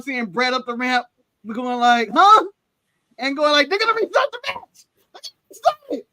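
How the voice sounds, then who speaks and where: A man's voice: extremely high pitch, a bit bright, no echo. A man co-hosting a casual wrestling podcast, telling nostalgic stories and acting out his own past reactions. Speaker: podcast co-host.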